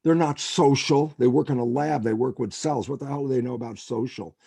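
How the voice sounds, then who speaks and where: A man's voice: mid-range voice, a little fast, creaky, no echo, clean studio sound. An older man, a scientist guest in a podcast interview, telling stories and acting out the lines of people in them. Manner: animated storyteller, acts out quotes.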